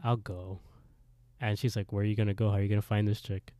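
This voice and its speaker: A podcast co-host casually recaps a TV episode, acting out characters' lines, switching between them in his animated retelling and laughing often. His voice is on the low side and he talks fast, in a dry recording.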